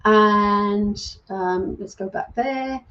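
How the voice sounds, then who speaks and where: This is a psychic medium on a relaxed livestream: a middle-aged woman from the UK who was born in England but grew up in Wales. She reads out live comments extremely slowly in a mid-range voice, chatting, offering warm thanks and saying um a lot. The recording is muffled, with a little hiss or hum.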